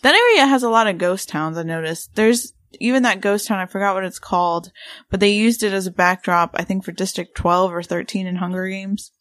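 A woman's voice: mid-range voice, fairly quick, no echo. A woman in her thirties co-hosting a casual podcast, rambling with lots of fillers as she talks through haunted places. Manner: rambling, many fillers, excitable. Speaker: podcast co-host.

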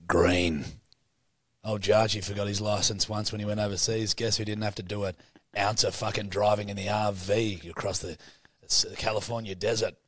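A man's voice: fairly low pitch, level tone, normal speed, a bit bright, no room sound. Aussie guy podcasting, rowdy and sweary, laughs a lot, dry close sound. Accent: Australian. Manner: boisterous, sweary, laughs often. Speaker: podcast co-host. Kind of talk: casual banter.

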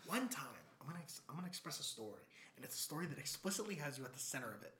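Animated man telling a story. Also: very fast, echoey room, slight background noise. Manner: animated storyteller, swings between loud and low mumbles. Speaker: podcast co-host. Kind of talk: casual chat.

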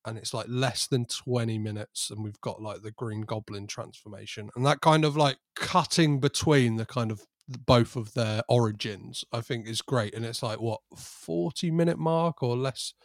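A man on a film podcast, retelling scenes in an animated way and laughing mid-sentence. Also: medium pitch, moderate pace, hardly any pauses, no room sound, studio quality. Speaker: podcast panelist. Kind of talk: casual film chat.

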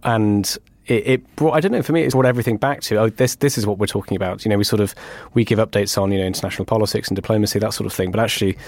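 A man's voice: lowish voice, very fast, creaky, hardly any pauses, a little mellow, no room sound. A man hosting a podcast interview, talking in a thoughtful, conversational way with stammering restarts. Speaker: podcast host.

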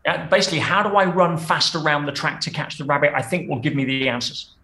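A man with a slightly high-pitched voice talks like a coach, driving his points home with emphasis and frequent rhetorical questions. The room around him is echoey and roomy. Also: steady tone, fast, sharp tone. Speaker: guest speaker and coach. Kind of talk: podcast interview.

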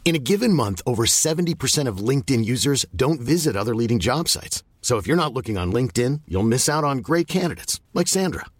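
A man's voice: medium pitch, very animated, fast talker, few pauses, no room sound, studio quality. A man reading an advertisement as announcer, polished and persuasive. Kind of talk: ad read.

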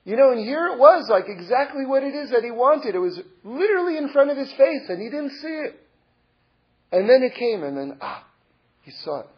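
A middle-aged man sharing a personal story as a religious lesson, earnest and reflective, halting with many repeated words and restarts. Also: very high voice, very animated, breathy edge, lo-fi sound.

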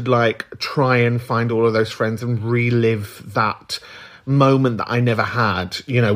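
A man's voice: mid-range voice, fairly bright tone. A man from the UK hosting a podcast in casual, candid chat, reflective and swearing freely. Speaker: podcast host.

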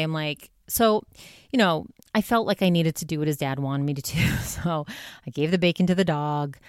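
A young woman with a low, smooth voice hosts her own podcast and chats openly about her week. Her talk is loose and candid, full of "like" and "you know". The sound is close and dry, with no room around it. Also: fairly quick, no echo. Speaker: podcast host. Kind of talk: casual solo podcast monologue.

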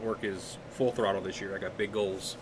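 A man's voice: sits low, little pitch movement, normal speed. A man co-hosting a podcast, trading crude jokes in casual chat. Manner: joking, crude banter. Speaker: podcast co-host. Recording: noisy hissing recording.

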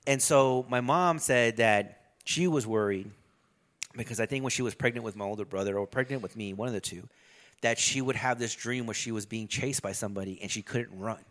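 A man's voice: medium pitch, a little fast, fairly bright tone. A middle-aged man in a casual chat, telling a long story loosely, with lots of fillers and swearing.

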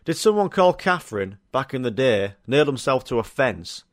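A man's voice: mid-range voice, big pitch swings, brisk, no room sound, clean studio sound. A young man hosting a solo podcast, chatting casually and swearing through rambling stories. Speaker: podcast host.

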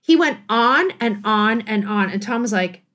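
A middle-aged woman, a guest author on a podcast, telling a personal story in a casual, animated way and laughing often. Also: a little high, unhurried. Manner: animated, laughing, acts out quotes.

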